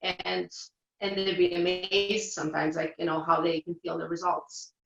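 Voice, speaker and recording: A woman's voice: fairly low pitch, completely flat delivery, moderate pace, gravelly, fairly bright tone, dull audio. Woman chatting with many fillers, roomy sound. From Portugal. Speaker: reflexologist guest. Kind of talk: casual interview.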